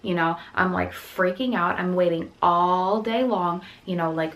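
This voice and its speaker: Her voice fairly low and steady, a young woman who has four children recounts something upsetting to the camera. The telling is fast and rambling, full of restarts and quoted voices, on a rough recording.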